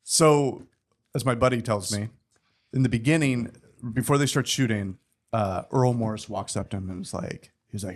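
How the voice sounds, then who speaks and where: A man's voice: mid-range voice, moderate pace. A man guesting on a podcast, telling casual stories and acting out the people in them. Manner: animated, acts out quoted people. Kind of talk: casual storytelling chat.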